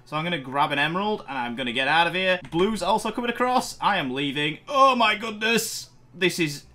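A young man giving excited commentary over his own gameplay, talking to himself and getting loud in fights. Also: fairly high pitch. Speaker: gaming YouTuber.

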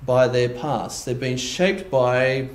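A man preaching a conversational sermon, with animated asides in which he voices imagined reactions. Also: medium pitch, takes it slowly, reverberant, poor audio. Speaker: pastor. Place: church hall.

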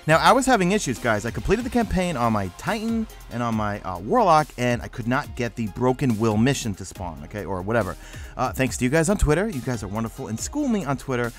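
Rambling New York gamer, fast talk. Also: male voice, mid-range voice, faint music behind. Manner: rambling, energetic, self-mocking. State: sleepy. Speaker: gaming YouTuber. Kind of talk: game walkthrough commentary.

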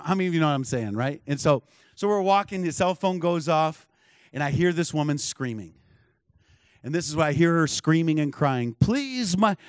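A pastor with a higher-pitched voice preaches a sermon in church, telling it like a conversational story. He makes many asides and checks in with the congregation, and the recording is dry with clean studio sound.

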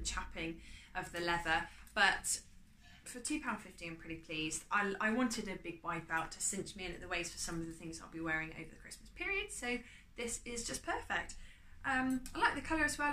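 A woman chatting casually as she shows off her charity shop clothes haul, upbeat and often trailing off quietly. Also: mid-range voice, a little hiss or hum. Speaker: vlogger. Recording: echoey room with faint ambience.

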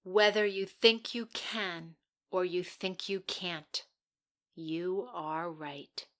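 A woman's voice: lowish voice, fairly even intonation, slow pace, a bit bright. A woman performing an eager young actress at an audition in an audio play monologue, dramatic and swinging between whispers and outbursts.

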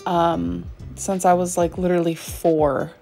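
A woman in her thirties talks to her vlog audience from home in a relaxed, rambling way, dotting her sentences with fillers. She speaks very slowly in a slightly low voice. Soft music plays faintly underneath. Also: creaky. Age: 30s. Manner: unhurried, chatty, many fillers like "um" and "like". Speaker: vlogger. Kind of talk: casual vlog chat.

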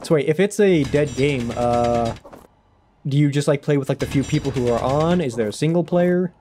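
Young male streamer, mid-pitched, chatty and self-deprecating, casual gaming talk. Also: normal speed, mellow, a little hiss or hum.

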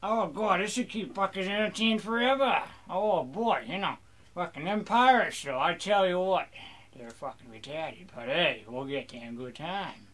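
A man's voice: sits high, lively intonation, moderate pace, a bit bright. A young man rambling crudely through casual gameplay commentary, joking in a mock pirate voice. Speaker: gamer.

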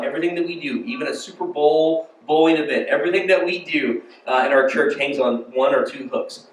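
A man's voice: mid-range voice, distant mic. An American man preaching a casual, storytelling sermon and asking the congregation questions. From United States. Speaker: pastor. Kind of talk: conversational sermon. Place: church sanctuary. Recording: echoey hall, voice from off-mic.

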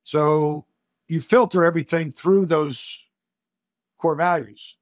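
A middle-aged coach speaking emphatically, often repeating a word as he launches into a point. His voice sits a bit high for a man. The recording is dry and close, with no room sound. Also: fairly even intonation, takes it slowly, no echo. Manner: emphatic, repeats words when starting a thought. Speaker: coach and corporate speaker, podcast guest. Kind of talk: conversational interview storytelling.

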